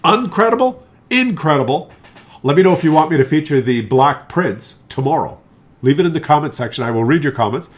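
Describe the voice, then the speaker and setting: A man's voice: a little high, fairly quick. Playful, chatty male game commentator. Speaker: gameplay commentator. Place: at home.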